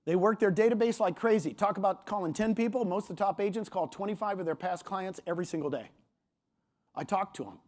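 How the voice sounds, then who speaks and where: A man speaks from a conference stage in a high, bright register. His delivery is punchy and emphatic, and he jumps up in pitch whenever he quotes someone else. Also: fast talker. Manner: punchy and emphatic, often quoting others in a raised voice. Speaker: motivational speaker at a real estate conference. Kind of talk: energetic stage talk. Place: large conference hall.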